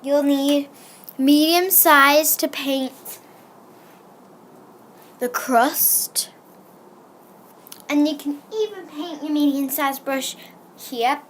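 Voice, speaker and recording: A woman's voice: high voice, drawn-out words, pauses often, fairly bright tone, slight background noise. A woman casually explaining a craft project step by step, rambling and hesitant, with lots of fillers and restarts. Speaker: craft tutorial presenter. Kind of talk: casual how-to narration.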